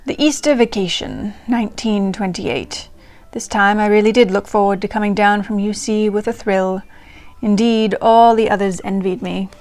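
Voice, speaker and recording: A woman's voice: medium pitch, moderate pace, few pauses, a little mellow, lightly acted. A woman reading aloud as a chatty young 1920s English woman diarist, in a put-on English accent. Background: faint ragtime music.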